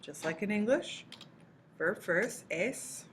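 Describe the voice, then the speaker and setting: A woman teaching a recorded language lesson, explaining patiently step by step and slowing down to model example phrases. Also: fairly low pitch, noisy background. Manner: slows down to model Spanish phrases. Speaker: Spanish teacher.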